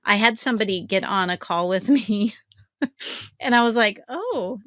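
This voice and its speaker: A woman co-hosting a casual business webinar, telling animated stories and acting out quotes in a higher voice. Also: moderate pace, no echo, clean studio sound. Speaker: webinar co-host, business coach and podcaster.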